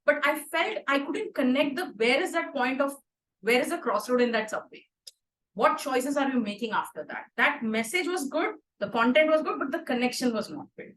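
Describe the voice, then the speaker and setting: A woman with an Indian English accent hosting an online club meeting and giving warm, expressive feedback. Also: high voice, normal speed, echoey room, a little hiss or hum, rough recording. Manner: warm, expressive, praising then suggesting. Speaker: meeting host, Toastmaster of the day.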